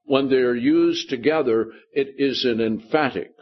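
A man's voice: mid-range voice, measured pace, lo-fi sound. A male pastor preaching a Bible study sermon, explaining scripture verse by verse and checking in with his listeners.

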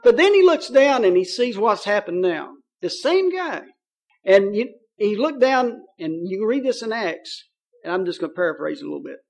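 High-voiced man preaching a folksy sermon. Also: big pitch swings, creaky. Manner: folksy and conversational, paraphrasing scripture in plain talk; reads scripture aloud, slowing on key phrases.

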